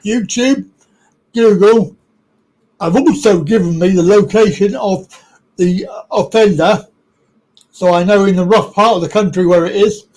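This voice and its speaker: A man's voice: sits high, a little slow, pauses often, a little mellow, low-quality recording. A British man hosting a live stream, talking casually and bluntly with lots of swearing.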